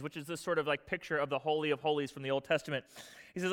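A pastor preaches conversationally, using casual slang and rhetorical questions and dropping to a hushed, low voice for solemn points. He talks very fast in a steady tone, and the sound is that of a big room.

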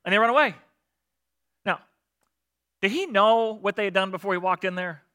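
A man preaching a sermon, lively and talkative, often checking in with the crowd with "right?" and acting out voices of the characters. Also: high voice, moderate pace, clean tone. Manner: animated, acts out voices of God and children. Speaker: pastor.

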